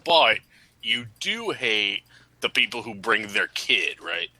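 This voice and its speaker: A man's voice: on the low side, sing-song, slow pace, noisy background. A man co-hosting a casual radio chat, joking and riffing on the stories of others. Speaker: co-host.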